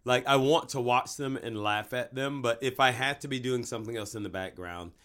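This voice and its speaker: A man's voice: medium pitch, brisk, a bit bright. A man hosting a podcast, asking questions and cracking jokes in a casual chat. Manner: joking, asks questions. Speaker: podcast host.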